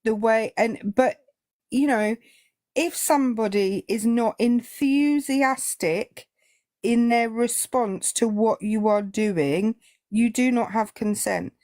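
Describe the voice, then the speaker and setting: A woman on a live panel, explaining consent in a deliberate, firm way. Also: on the high side, a little mellow, no room sound, clean studio sound. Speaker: panelist who teaches consent. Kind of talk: casual live-stream chat.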